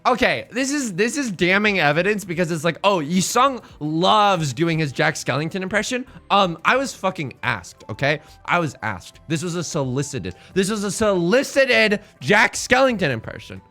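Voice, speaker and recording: A young man chats casually while he plays, his voice slightly high and very bright. His pitch swoops up and down as he rambles through stories and corrects himself on the fly. Faint game music plays underneath. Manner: animated, rambling storyteller with quick self-corrections. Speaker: streamer. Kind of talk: casual chat while playing online mahjong.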